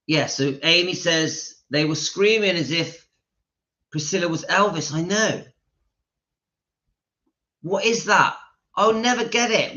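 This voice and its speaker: A man hosts a casual livestream, reading out viewer comments and answering with strong, emphatic opinions. His voice sits a little high and comes across bright and forceful. The sound is slightly dull and lo-fi. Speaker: channel host reading live chat.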